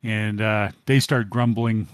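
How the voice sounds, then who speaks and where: A man's voice: on the low side, steady tone, slow, clean tone, no room sound. A man narrating as game master, rambling with many fillers.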